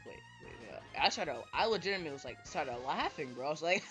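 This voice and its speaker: A man's voice: on the high side, wildly swooping pitch, brisk, bright, forceful tone. Rambling young-sounding man saying "bro". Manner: rambling, repeats "bro" and "right?". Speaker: vlogger. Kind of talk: casual rant to camera. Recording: dull lo-fi mic with faint music.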